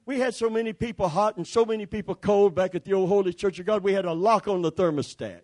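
A man's voice: sits high, fast, hardly any pauses, darkish tone. A man pastor preaching a sermon with emphatic repetition and calls for the congregation to respond.

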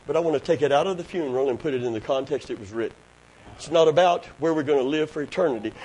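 A man preaching a sermon, dropping to quiet, intimate talk and rising to shouted praise. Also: on the high side, husky, rough recording.

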